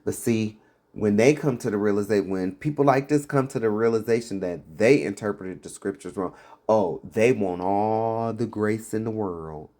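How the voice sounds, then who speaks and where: A man's voice: lowish voice, normal speed, dark tone. A man giving fiery, blunt commentary on preachers, scornful and mocking. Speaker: religious commentator.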